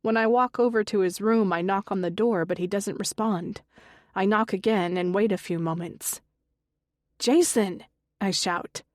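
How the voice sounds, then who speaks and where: A woman reading a first-person mystery audiobook in a measured, unhurried way. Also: mid-range voice, steady tone, dry recording, clean studio sound. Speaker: audiobook narrator.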